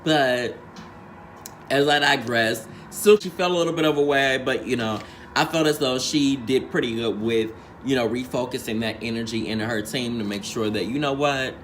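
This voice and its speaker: A man's voice: medium pitch, moderate pace, a bit bright, a little hiss or hum. A man hosting a casual recap, talking with sassy, profane drag slang and acting out quotes in changed voices. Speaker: reality show recap host.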